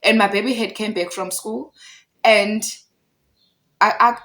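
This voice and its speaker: A woman's voice: mid-range voice, fairly even intonation, unhurried, a bit bright, rough recording. Heated South African woman telling a story. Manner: heated, emphatic, repeats herself for effect. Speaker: storyteller vlogger. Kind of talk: casual storytime retelling.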